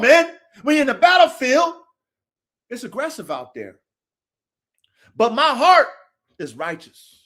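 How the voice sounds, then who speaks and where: High-voiced man ranting profanely. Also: a bit bright. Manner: aggressive, profane, preachy street talk. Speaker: show host. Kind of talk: unscripted monologue to viewers.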